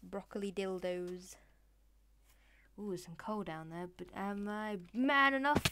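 A woman's voice: mid-range voice, takes it slowly, a bit bright, a little hiss or hum. A woman giving playful, chatty gameplay commentary, talking to in-game animals and dropping into whispered asides. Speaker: Let's Play gamer.

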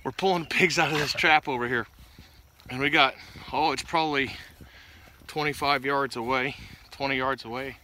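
A man tells a hunting story outdoors by a pig trap, animated and laughing, acting out the voices in it. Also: medium pitch, moderate pace, pauses often, slight background noise. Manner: animated, laughing, acts out voices in his stories. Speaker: pig hunter and vlog host. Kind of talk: casual storytelling to camera.

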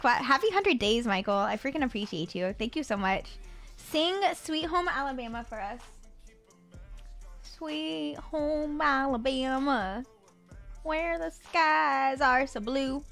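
Rambling young woman streamer, higher voice. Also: a bit bright. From Florida Panhandle, USA. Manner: rambling, filler-heavy, stumbles over words. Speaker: live streamer. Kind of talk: casual live-stream chat with viewers. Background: faint music.

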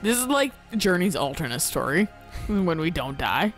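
A woman's voice: lowish voice, big pitch swings, moderate pace, soft background music. A woman co-hosting a gameplay video, chatting casually, swearing and joking about herself as she plays. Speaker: gameplay co-host.

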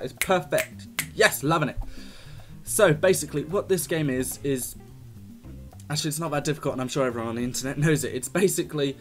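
A young man giving jokey, excitable commentary while playing a video game, talking to the screen as he goes. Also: mid-range voice. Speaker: gaming YouTuber. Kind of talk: casual let's-play commentary.

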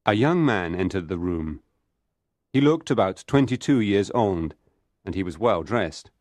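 A man reading a story aloud for English learners, slow, clear and steady. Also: deep voice, no echo. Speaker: narrator.

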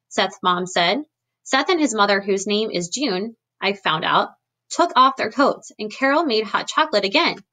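A woman teacher speaks to her class through a computer webcam, gently recapping before reading a storybook aloud. Her voice is bright and clear, with a mid-range pitch. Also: expressive, moderate pace.

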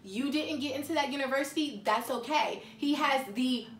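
Brief: woman vlogger, slangy and animated storytelling, recorded from a distance in a roomy space. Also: sits high, normal speed. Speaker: faith vlogger. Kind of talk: casual confessional talk. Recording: echoey room, mic at a distance.

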